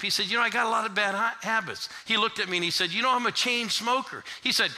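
A middle-aged man preaching a sermon as pastor. He swings from shouted call-and-response with the congregation to hushed, quiet storytelling. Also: sits high, fast talker. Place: church.

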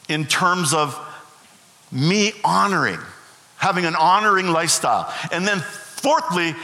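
High-voiced pastor preaching in echoey hall. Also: male voice, sharp tone. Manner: emphatic, repeats key phrases. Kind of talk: sermon. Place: church sanctuary. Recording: echoey hall with long reverb.

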